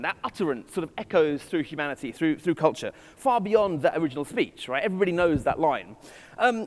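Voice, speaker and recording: A man giving a witty, digressive keynote talk at a conference. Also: on the high side. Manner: witty, digressive, self-deprecating. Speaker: conference speaker. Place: conference hall. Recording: hall reverb from stage.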